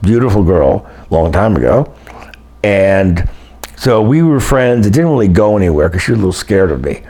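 Older male guest, lowish voice, lively storyteller who acts out quotes. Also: normal speed. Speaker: guest telling personal stories. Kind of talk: casual storytelling.

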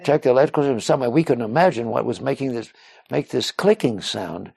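A man's voice: mid-range voice, fast, vocal fry, a little mellow. A man recounting a personal story in an interview, rambling with many restarts and fillers and acting out what others said. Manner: acts out other people's words in quotes. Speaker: interview guest.

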